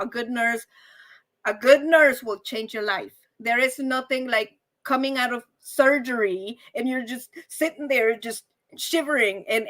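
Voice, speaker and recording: A woman hosts a casual live stream, talking in an animated, chatty way and calling her viewers y'all. Her voice sits high and sounds bright.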